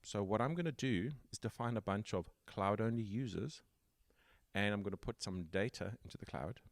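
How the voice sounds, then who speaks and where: A man's voice: on the low side, moderate pace, gravelly, no echo, clean studio sound. A man hosting a casual tech interview podcast, explaining his points step by step. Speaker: podcast host.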